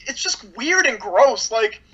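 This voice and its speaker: Blunt, sarcastic woman reviewer with a bright voice, casual and loose; slightly dull recording. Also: on the high side, animated, unhurried, breathy edge. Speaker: movie reviewer.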